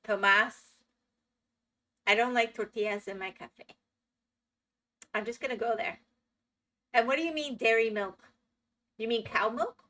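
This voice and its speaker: A woman's voice: on the high side, measured pace, pauses often, sharp tone, some chatter behind. A woman streaming live, reacting to a video with chatty asides and tangents.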